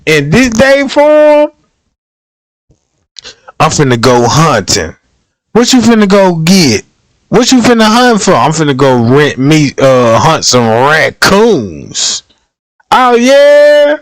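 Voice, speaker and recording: A man's voice: sits high, dry recording. A man hosting a livestream, reacting with lots of laughter and slangy commentary. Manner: slangy, laughs often, acts out quick bits. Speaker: livestream host.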